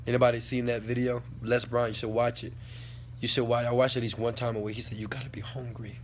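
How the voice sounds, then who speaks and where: A man giving an impassioned motivational talk, preachy and repetitive, swearing at times, his volume swinging from quiet to loud. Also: mid-range voice, flat delivery, quick pace, slight background noise. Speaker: motivational speaker answering a question.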